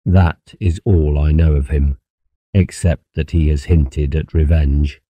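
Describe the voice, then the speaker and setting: A man's voice: very deep voice, steady tone, takes it slowly, dark tone, dry recording. A man playing a colonel, a protective husband who speaks savagely and threateningly in an audiobook.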